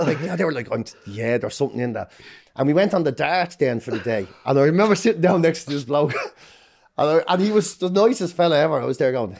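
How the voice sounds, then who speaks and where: Irish man, 40s, podcast guest, lively pitch, cursing storyteller. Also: fast talker, creaky. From Ireland. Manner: animated, swears freely, acts out quotes. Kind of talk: casual storytelling chat.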